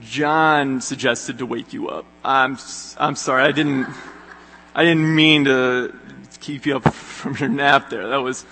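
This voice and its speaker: Man as stammering, apologetic disciple, bright tone, hall reverb. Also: medium pitch, steady tone, measured pace. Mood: sheepish. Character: sheepish male disciple apologizing. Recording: echoey hall with long reverb.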